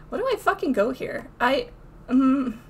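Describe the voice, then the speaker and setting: A woman's voice: high-pitched, a little hiss or hum. A young woman streaming a video game, swearing and trash-talking as she plays. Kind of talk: live gameplay commentary.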